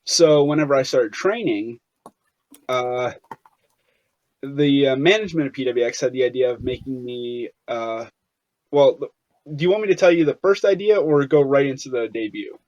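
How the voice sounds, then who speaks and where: A man's voice: medium pitch, moderate pace, a little mellow, no room sound. A young man as an interview guest, telling stories casually, with many fillers and restarts. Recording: dull, lo-fi sound.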